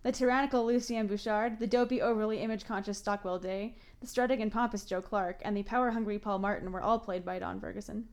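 A woman's voice: medium pitch, steady tone, fast talker, hardly any pauses. A woman, from Ontario, co-hosting a casual podcast. She switches between reading notes and chatting, laughs often, and fills her speech with "like" and self-corrections. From Ontario, Canada. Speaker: podcast co-host.

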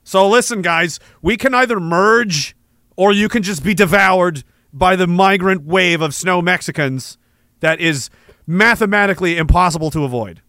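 High, bright-voiced man doing stand-up. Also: normal speed, no echo. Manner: animated, mock-alarmist delivery with shouted bursts. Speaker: stand-up comedian. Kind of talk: stand-up comedy bit.

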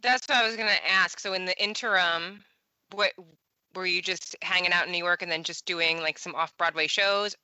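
A woman hosts the conversation with a very bright, crisp tone set a little low in her range. She asks curious follow-up questions in a casual way, and the sound is dry and close. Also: fairly even intonation, normal speed, no echo, low-quality recording. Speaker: podcast host.

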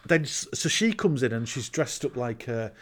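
A man's voice: medium pitch, big pitch swings. Sweary man recapping a film. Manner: sweary, laughing, acts out characters in quick voices. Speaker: podcast co-host recapping a film. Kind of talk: casual chat.

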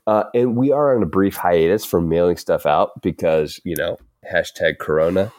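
A man's voice: low voice, moderate pace, a little mellow, dry recording, clean studio sound. A male podcast host chatting casually and in a laid-back way, with lots of fillers and chuckles.

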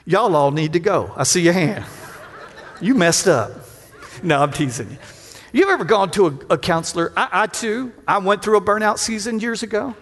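High-voiced preacher man in a reverberant hall. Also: lively intonation, moderate pace. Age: middle-aged. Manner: preaching with call-and-response to the congregation; acts out quoted voices with big pitch jumps and shouts. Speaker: pastor. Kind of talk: sermon.

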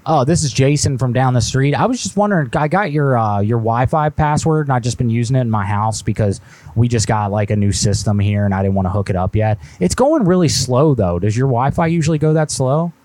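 A man's voice: mid-range voice, a little fast, darkish tone, dry recording. A man hosting a live stream and making a prank call, fake-friendly and then needling with mock offense. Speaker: prank caller, host.

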